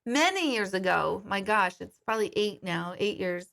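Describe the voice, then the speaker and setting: A woman's voice: medium pitch, expressive, moderate pace, creaky, a bit bright. A middle-aged woman, a psychic medium, talking casually and bluntly on a livestream, swearing freely and greeting viewers by name.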